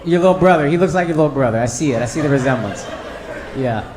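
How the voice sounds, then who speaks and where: A man doing stand-up comedy and loud, slangy crowd work in front of a live audience. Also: fairly high pitch, fast. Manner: loud, animated, slangy banter. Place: comedy club stage before a crowd. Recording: roomy live club sound with crowd noise.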